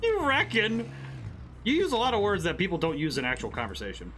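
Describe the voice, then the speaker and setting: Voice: medium pitch, wildly swooping pitch, a little fast. Giggly streamer over game music. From northern United States. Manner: bemused, giggly, talks back to the characters. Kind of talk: casual let's-play commentary. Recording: game music playing clearly underneath.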